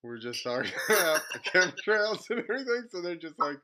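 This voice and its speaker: Male podcast host, bright voice, jokey and chatty, laughs a lot. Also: high-pitched, very animated, normal speed, few pauses. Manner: joking, laughs often, tells stories. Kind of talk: casual chat.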